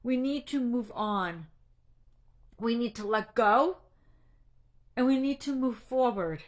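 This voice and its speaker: A woman's voice: fairly high pitch, lively intonation, takes it slowly. Earnest woman coach, tearful livestream talk. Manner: earnest, direct, a little preachy. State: tearful, emotional. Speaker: anxiety coach. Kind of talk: casual livestream talk to a group.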